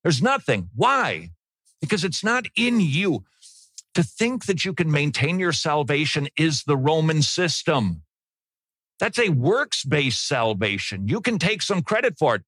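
A man preaching a sermon to a congregation, emphatic, swinging between quiet, close passages and loud declarations. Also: a little high, big pitch swings, unhurried, slightly rough, no echo. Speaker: pastor. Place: church congregation.

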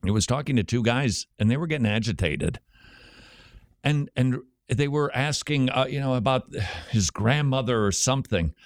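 A man hosting a radio show, answering listener questions in a lively, chatty way. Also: mid-range voice, normal speed, dry recording, clean studio sound.

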